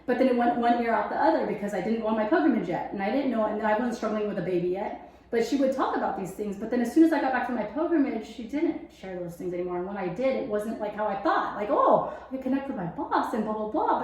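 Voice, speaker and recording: A fairly high-voiced young woman talks in a loose, animated way and slips into her own past thoughts as she tells her story. She is recorded in a room with strong echo. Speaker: guest sharing faith testimony. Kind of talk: casual interview chat. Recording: very echoey room.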